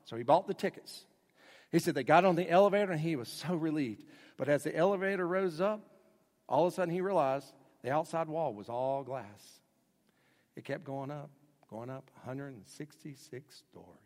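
A man's voice: a little high, normal speed. Preaching man in a reverberant hall. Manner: dramatic, swings from loud to hushed. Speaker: pastor. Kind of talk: sermon.

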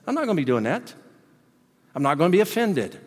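A man preaching a sermon as pastor, animated, swinging between loud emphasis and quiet asides. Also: on the high side, quick pace, breathy edge. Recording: long hall reverb.

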